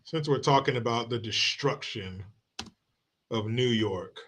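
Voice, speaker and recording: Streaming from home, a man hosts a livestream of political commentary and rants casually in a mocking, combative, profane manner. He has a medium-pitched, slightly bright voice and talks a little slowly.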